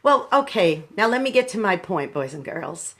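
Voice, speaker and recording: A woman in her sixties, a radio station manager, gives a reflective, halting live talk to her viewers while grieving, calling them "boys and girls.". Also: mid-range voice, very animated, fairly bright tone.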